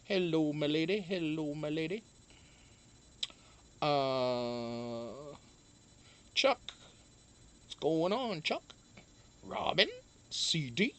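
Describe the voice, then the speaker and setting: A man's voice: a little high, lively intonation, very slow, pauses often, fairly bright tone, slight background noise. A man hosting a live-stream show, chatting casually, rambling and swearing as he greets viewers by name.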